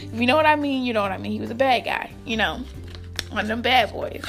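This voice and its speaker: A young vlogger with a slightly high, somewhat bright voice talks fast as she chats directly to her viewers in a casual storytime video. She laughs often, and soft music plays in the background.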